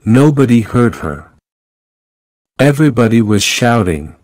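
Very slow male audiobook narrator. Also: fairly low pitch, expressive, a little mellow, no echo. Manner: slow, clear reading for learners. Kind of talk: graded reader audiobook narration.

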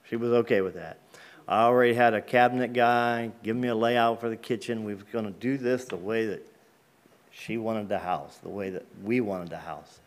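In a church sanctuary, a male guest gives a personal testimony during a service, telling his faith story plainly and conversationally with casual grammar. His voice is lowish and steady, at a normal speed.

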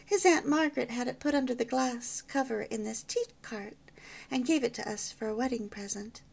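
A woman's voice: a little high, moderate pace, gravelly. A woman voicing a cheerful young newlywed housewife who chats eagerly and proudly about her home. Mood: proud, chatty. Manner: bright, chatty and eager.

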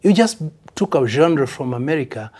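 A man's voice: a little high, lively intonation, moderate pace, a little mellow. An older man with a Kenyan accent, a veteran musician speaking bluntly and emphatically in a casual interview, dropping in Swahili phrases.

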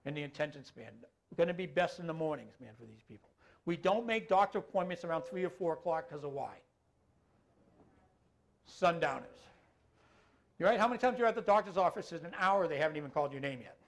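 A middle-aged man with a fairly high, gravelly voice trains an audience on dementia care, speaking briskly with lively intonation. His talk is loose and conversational, and he keeps checking in with listeners and tacking on filler phrases.

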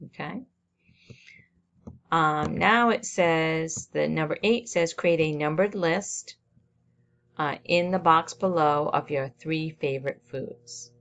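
A woman teacher walking students through a software assignment step by step on a screen recording, narrating each click. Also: deep voice, takes it slowly.

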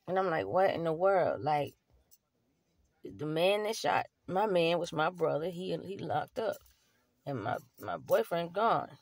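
A woman's voice: on the low side, big pitch swings, unhurried, creaky, dry recording, clean studio sound. Blunt, profane young woman telling her story. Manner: blunt, profane, street-casual talk with many fillers. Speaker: vlogger. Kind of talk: candid personal storytelling to camera.

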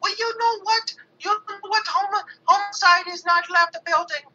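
A woman's voice: very high voice, steady tone, normal speed, bright, forceful tone, faint music behind, full character voice. A woman on a call voicing a boastful male heel wrestler who rants and repeats threats. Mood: angry. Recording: dull phone line.

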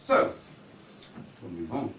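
A man's voice: takes it slowly, fairly bright tone, distant mic, a little hiss or hum. A man giving a rambling, conversational public talk to an audience in a meeting hall, often checking in with "right?". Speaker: guest speaker. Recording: echoey hall recorded from afar.

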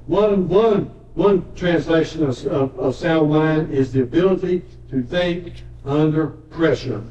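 A man's voice: on the high side, measured pace, dark tone, a little hiss or hum. A man preaching a sermon as a pastor, telling stories in a folksy way, with joking asides and repeated words. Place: church sanctuary. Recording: dull echoey church recording from a distance.

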